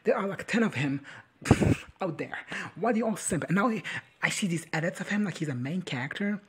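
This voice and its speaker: A young man giving a crude, sassy comedic recap of a TV episode, acting out the characters in quick impressions. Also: sits high, expressive, a bit bright, a little hiss or hum. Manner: crude, sassy running commentary with voiced impressions. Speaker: reaction video commentator.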